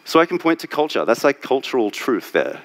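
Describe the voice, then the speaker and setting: A man's voice: medium pitch, a little fast. A man giving a candid, jokey live talk on stage, speaking into a stage microphone. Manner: candid, animated, jokey with the audience. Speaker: strategy speaker. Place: conference stage.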